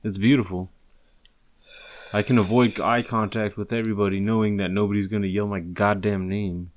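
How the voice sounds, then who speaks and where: A man's voice: on the low side, level tone, moderate pace. A man in casual chat with friends, joking crudely and swearing freely.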